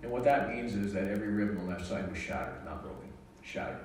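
A man telling a personal story to an audience in a lively, joking way, acting out what he and others said. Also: lowish voice, fast, slight background noise. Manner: animated, jokey, quotes himself and others. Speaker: speaker sharing a personal story. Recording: echoey room, mic at a distance.

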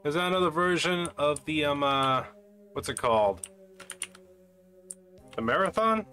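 This gaming host comments jokingly on his own shooter gameplay, playful and muttering to himself, while game music runs underneath. He speaks at a measured pace in a slightly high, expressive voice that's bright and forceful.

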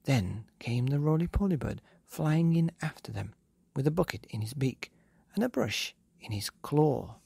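A man narrates a bedtime story, his voice gravelly and husky, rising and falling lively as he reads. The sound is close and dry, with no room around it. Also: medium pitch, unhurried, no echo. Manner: gentle, animated storytelling. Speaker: podcast storyteller.

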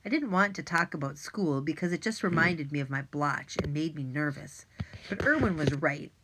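A woman narrating a children's audiobook in an expressive, lively way. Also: sits low, normal speed, background noise. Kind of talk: scripted narration.

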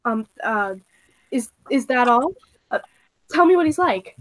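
A woman's voice: fairly high pitch, lively intonation, unhurried, dry recording, rough recording. A teenage student actress reading a poised, firm rich girl over a video call. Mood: curious. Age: teens. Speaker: student actor. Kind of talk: school play read over a video call.

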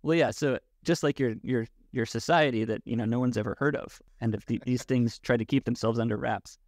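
A man as a podcast guest, talking in a thoughtful, halting way with many restarts. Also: mid-range voice, a little mellow, dry recording, clean studio sound. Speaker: podcast guest, Wudang martial arts teacher. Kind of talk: casual conversation.

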